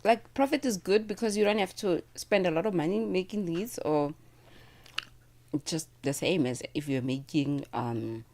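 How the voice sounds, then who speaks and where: A woman's voice: fairly low pitch, lively intonation, normal speed, darkish tone. A South African woman hosting a radio show, chatting casually with a guest, laughing often and talking while she eats.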